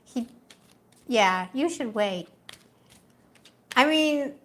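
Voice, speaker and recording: A woman's voice: fairly high pitch, animated, takes it slowly, long pauses. A young woman doing a live tarot reading in a casual, chatty way, laughing often and talking with lots of fillers. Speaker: tarot reader.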